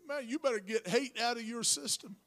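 Pastor, male, high voice, conversational sermon with loud peaks. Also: brisk. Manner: rising to shouted preaching; talks to congregation with asides.

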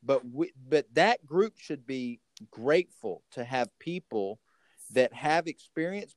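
Animated man hosting a recovery podcast. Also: a little high, dry recording. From Texas. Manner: animated storyteller, many restarts and repeated "and". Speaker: podcast host. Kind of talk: casual recovery podcast conversation. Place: home, on a remote call.

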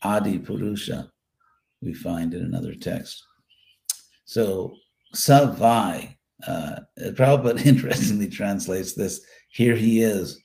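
A man teaching a scripture class, explaining each term slowly and carefully, stacking synonyms and slowing down to stress key words. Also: low voice, vocal fry, warm tone, low-quality recording. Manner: thoughtful, unhurried, slows to stress key words.

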